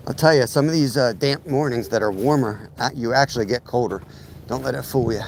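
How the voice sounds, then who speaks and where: A man with a slightly sound talks casually while setting up to fish outdoors. His voice is fading and a little rough from overuse. A faint hum of passing cars sits behind him. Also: mid-range voice, a little fast. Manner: easygoing, explains gear as he sets up. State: losing his voice. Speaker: fishing channel host. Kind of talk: casual live-stream chat. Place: outdoors at a lake in fog.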